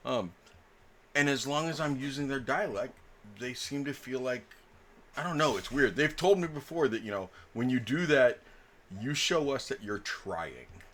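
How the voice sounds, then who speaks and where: A man hosting a tabletop game drifts through a personal story, his voice bright and lively in pitch. He pauses often on fillers. A faint noise sits under the recording. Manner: rambling storyteller with many fillers. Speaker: game master. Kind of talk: casual table chat between game sessions.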